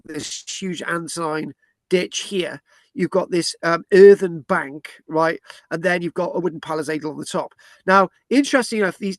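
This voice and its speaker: British male archaeology presenter, fairly high voice, rambling, dry close sound. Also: no room sound. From Britain. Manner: rambling, with restarts and tag questions. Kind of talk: explaining a site plan.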